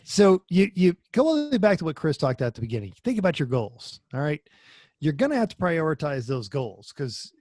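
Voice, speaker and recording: A man co-hosts a casual racing podcast, rambling and joking and often repeating words. His voice is a little high and a little mellow, recorded in clean studio sound with no room noise.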